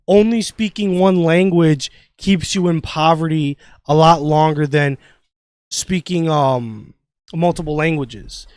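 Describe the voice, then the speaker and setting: A man with a high voice rants on a casual podcast, swearing freely and restarting his sentences as he goes. The sound is dry and close, with no room around it. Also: dry recording. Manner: profane, rambling rant with many restarts. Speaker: podcast host.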